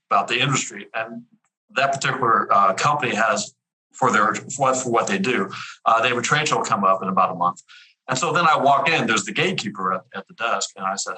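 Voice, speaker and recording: A man in his fifties with a very bright, forward tone tells stories as a podcast guest. He talks with energy, often repeating words and restarting his sentences. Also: medium pitch, rough recording. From Houston area, US. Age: 50s. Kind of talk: casual storytelling interview.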